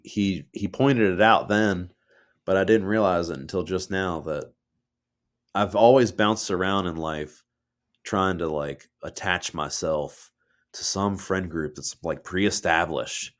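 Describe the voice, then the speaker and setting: A man's voice: deep voice, slow pace. A man co-hosting a podcast, telling personal stories in a loose, heartfelt way and swearing freely. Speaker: podcast co-host. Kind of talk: casual chat.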